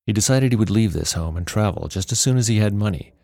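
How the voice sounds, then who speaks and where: A man narrates a novel aloud in a steady, measured reading. His voice is very low and gravelly. The recording is dry and close. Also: no echo. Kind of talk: storybook narration.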